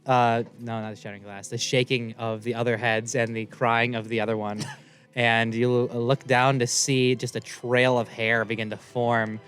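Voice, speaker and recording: A man's voice: medium pitch, little pitch movement, moderate pace, a bit bright, smooth, soft background music. A man running a tabletop game as game master, narrating in a playful, rambling way and laughing often.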